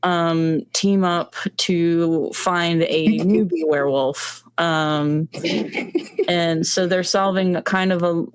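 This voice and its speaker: A woman's voice: lowish voice, steady tone, slow pace, clear, resonant tone, no room sound, studio quality. A woman being interviewed as a comic book creator, explaining her work in a hesitant way with many ums. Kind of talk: casual interview talk.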